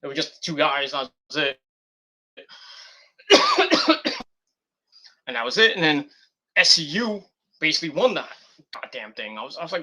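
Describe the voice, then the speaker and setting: A man's voice: fairly high pitch, wildly swooping pitch, normal speed, long pauses, sharp tone. A man giving a rambling, profane and exasperated review of a wrestling show. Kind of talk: casual rant review.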